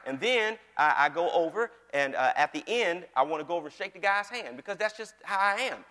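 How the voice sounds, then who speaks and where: Male pastor, high voice, animated sermon, reverberant hall. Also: fast talker, few pauses. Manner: animated, keeps checking in with the congregation. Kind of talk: conversational sermon.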